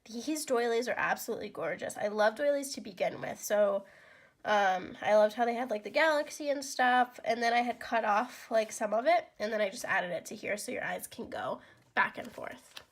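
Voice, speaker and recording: Young woman vlogger getting over a cold, congested and a bit gravelly, chatty casual tone. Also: on the high side, moderate pace. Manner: chatty, relaxed, frequent ums and likes. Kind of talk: casual craft flip-through.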